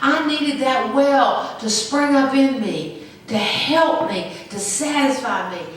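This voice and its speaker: A woman's voice: high-pitched, takes it slowly, slight background noise. A woman pastor preaching a sermon with emphatic call-and-response. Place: church sanctuary. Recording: echoey church from far off.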